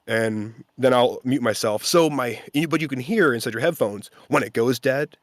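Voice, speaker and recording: A man, a voice actor, telling an animated story in a casual interview and acting out the people he quotes. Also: medium pitch, normal speed, few pauses, dry recording, studio quality. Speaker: voice actor guest.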